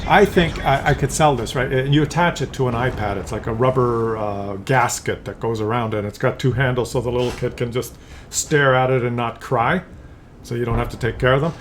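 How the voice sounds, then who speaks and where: A man's voice: mid-range voice, a little fast, slight background noise. A man doing casual YouTube commentary, rambling conversationally with many fillers and restarts. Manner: drops into brief acted voices for examples.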